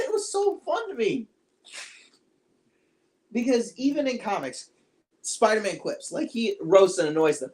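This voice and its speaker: A podcast co-host chatting casually about movies, animated and acting out quotes. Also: a little slow, long pauses. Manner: animated, acts out quotes with big pitch jumps.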